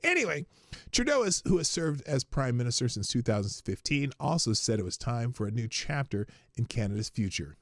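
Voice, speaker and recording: A man's voice: mid-range voice, big pitch swings, a little fast, no room sound, studio quality. A man with a Minnesota accent hosting a livestream, reading news aloud with sarcastic asides. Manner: sarcastic, laughs at own jokes. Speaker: livestream host.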